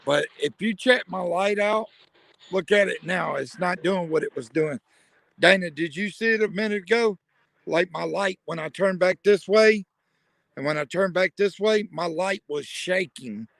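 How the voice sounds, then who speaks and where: A man investigating the paranormal at night outdoors, calling out questions to unseen spirits in a hushed, probing way. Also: high-pitched, normal speed, vocal fry. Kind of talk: ghost-hunting vlog narration. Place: outdoors at night near a building.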